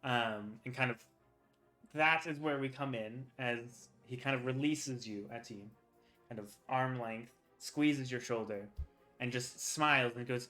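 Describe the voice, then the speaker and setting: Bright-voiced man narrating as game master. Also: medium pitch, faint music behind. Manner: halting, lots of ums and likes.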